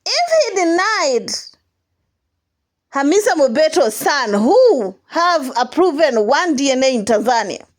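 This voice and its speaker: A high-voiced woman dishing celebrity gossip in casual commentary. Her pitch leaps all over as she argues her point. She laughs often and keeps throwing out emphatic rhetorical questions. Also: lively intonation, moderate pace, few pauses.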